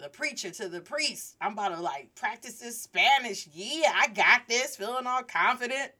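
A woman hosting a Spanish lesson, telling a lively story and drawing out key words for emphasis. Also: medium pitch. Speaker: Spanish teacher and host.

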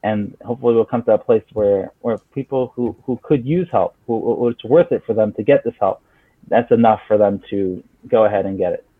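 A man's voice: lowish voice, brisk, no echo. A therapist being interviewed, explaining his approach earnestly with many restarts and acted-out client exchanges. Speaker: therapist guest. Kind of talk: conversational explanation. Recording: husky voice over a tinny phone-like line, dry.

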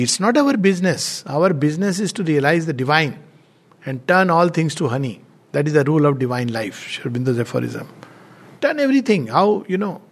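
A middle-aged man giving a devotional talk, telling anecdotes gently and chuckling between them. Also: a little high, vocal fry. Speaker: spiritual speaker.

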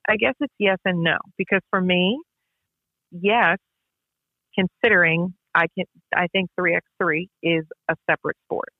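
A woman's voice: lowish voice, fairly even intonation, normal speed, no room sound. A woman, a basketball referee, tells stories in a casual interview, emphatic and repetitive. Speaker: basketball referee and podcast guest. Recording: tinny phone-line sound.

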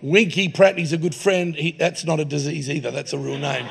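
A man's voice: fairly high pitch, a little fast, creaky, hardly any pauses. A man preaching in a church, mixing jokey anecdotes with sermon points. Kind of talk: humorous sermon storytelling. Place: church hall.

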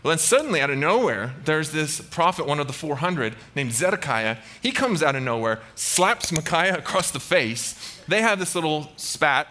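A man's voice: fairly high pitch, very animated, normal speed, bright, forceful tone. A man preaching a casual sermon, retelling a Bible story playfully and slipping into goofy character voices.

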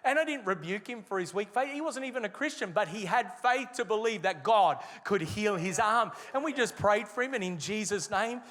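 High-voiced man preaching a sermon. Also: expressive, fairly bright tone, in a large hall. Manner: emphatic preaching with slowed, stressed phrases. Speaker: pastor.

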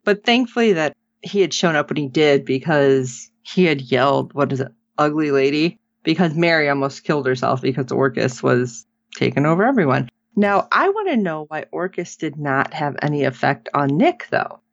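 Low-voiced woman in a lively recap. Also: moderate pace, dry recording. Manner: animated retelling, acts out quotes, laughs often. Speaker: podcast co-host recapping a TV episode. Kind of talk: casual chat. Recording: dull lo-fi sound.

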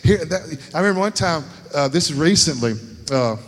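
A man's voice: on the high side, lively intonation, brisk. A middle-aged man, giving a sermon testimony as folksy stories that keep checking in with his listeners. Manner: folksy storytelling, often asks "you know what I'm talking about". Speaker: lay speaker at a church service. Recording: reverberant church hall.

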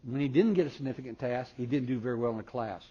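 A man's voice: medium pitch, fast talker, highs cut off, a little hiss or hum. Folksy older man teaching parents. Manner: folksy storyteller, swings from loud excited bursts to soft intimate asides. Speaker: parenting seminar speaker. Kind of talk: live seminar talk with audience questions.

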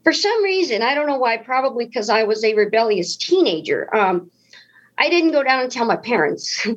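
A woman from the United States giving an earnest, emotional faith testimony as a podcast guest, with restarts and slow emphasis. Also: fairly high pitch, sing-song, husky, highs cut off. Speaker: guest speaker.

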